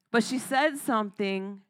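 A woman's voice: a little high, fairly bright tone. A woman preaching a sermon, emphatic, calling out to the congregation and laughing between points. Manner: emphatic, calls out "Amen?" and "Come on".

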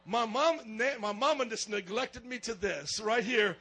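A man preaching a lively sermon as pastor, calling for amens and getting loud at times. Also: sits high, a little slow, low-quality recording.

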